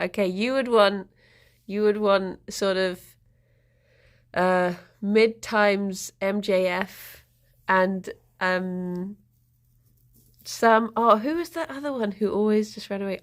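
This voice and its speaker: A woman's voice: medium pitch, slow pace. Woman, casual livestream chat, giggly, talks sweetly to her pets. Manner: chatty and giggly, cooing to pets. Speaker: livestream host.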